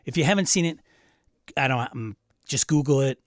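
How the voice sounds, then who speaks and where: A man with a Wisconsin accent hosting a casual livestream and answering viewer chat aloud with quick, animated asides. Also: medium pitch, no echo, studio quality. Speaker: host.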